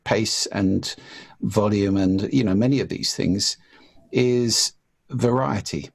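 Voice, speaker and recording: A man talking as an interview guest, reflecting calmly on public speaking and acting out examples as he explains. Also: lowish voice, slow, gravelly. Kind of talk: casual conversation.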